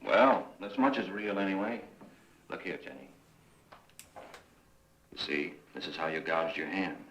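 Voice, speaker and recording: An actor playing a calm, reasoning reverend in a 1950s film. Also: male voice, sits low, measured pace. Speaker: film character. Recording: roomy old film soundtrack.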